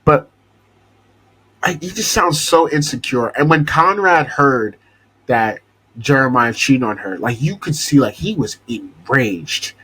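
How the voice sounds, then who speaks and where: A man's voice: mid-range voice, lively intonation, measured pace, bright, forceful tone, breathy edge, poor audio. A young man hosting a podcast, ranting casually and exasperatedly about a TV show and swearing freely. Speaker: podcast host.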